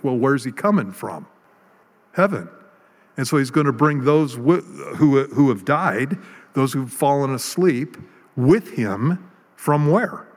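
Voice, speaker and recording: A man preaching a sermon in a relaxed, conversational way, with self-deprecating jokes and many ums and restarts. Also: mid-range voice. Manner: conversational, jokey, with fillers and restarts. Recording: long hall reverb.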